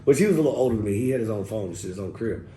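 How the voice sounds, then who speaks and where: A middle-aged man, casually telling an interview story in a loose, profane, animated way and quoting people as he goes. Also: lowish voice, rapid-fire. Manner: loose, profane, animated retelling with quoted dialogue. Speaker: rapper telling his story as guest. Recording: roomy echo with faint background noise.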